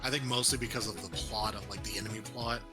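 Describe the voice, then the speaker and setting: A man's voice: lowish voice, fairly even intonation, quick pace, music in the background. A man co-hosting a casual film review chat, laid-back and joking, swearing now and then. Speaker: podcast co-host.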